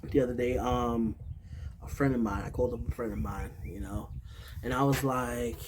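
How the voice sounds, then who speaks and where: A man from New York with a New York accent, hosting his own vlog outdoors near a highway and chatting in a rambling, easygoing way. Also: steady tone, normal speed. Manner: rambling and chatty, with many fillers and laughs. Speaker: vlog host. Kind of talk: casual chat. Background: passing traffic.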